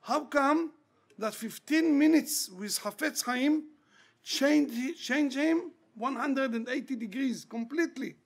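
A man's voice: very high-pitched, slow pace. A man, a rabbi, preaching an impassioned storytelling sermon and repeating key words for emphasis.

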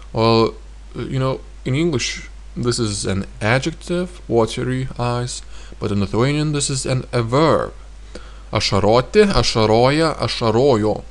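A male teacher at an ordinary middle pitch walks through each phrase, saying it over and over. He explains as he goes, pausing on fillers and thinking aloud. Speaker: language teacher. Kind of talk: explanatory language lesson.

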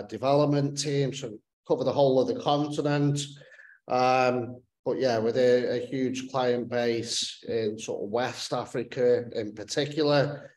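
A man's voice: mid-range voice, a little mellow. A man with a northern English accent speaking on an online webinar, jokey and self-deprecating. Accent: northern English, Staffordshire. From Stoke-on-Trent, northern England. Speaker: head of Africa development team. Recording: echoey room.

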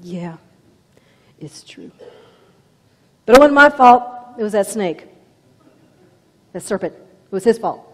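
A woman's voice: on the low side, unhurried, pauses often, dark tone, husky, heavily acted. A woman preacher voicing Eve as a defensive woman who blames someone else. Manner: defensive, blaming.

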